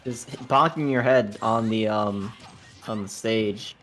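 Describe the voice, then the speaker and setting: A man giving casual color commentary on a fighting-game match, explaining plays in a relaxed way and laughing easily. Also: on the low side, measured pace, soft background music. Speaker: esports co-commentator.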